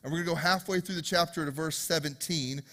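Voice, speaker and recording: A male pastor preaching to his congregation in a church sanctuary, with a slightly higher-than-usual voice. He talks in a loose, joking, conversational way, with storytelling asides. A long reverb from the large hall hangs on every word. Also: steady tone, fast talker, sharp tone. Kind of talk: sermon.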